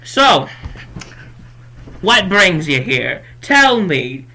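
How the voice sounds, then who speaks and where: A woman voicing a cheerful, short woman shopkeeper with an eager, high put-on voice. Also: very animated, drawn-out words, pushed and bright, exaggerated voice. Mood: welcoming.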